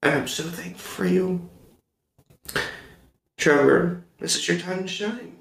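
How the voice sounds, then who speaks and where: A young man hosting his own podcast, giving an emotional, heartfelt monologue with halting pauses and restarts. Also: high voice, gravelly. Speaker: podcast host. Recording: roomy echo.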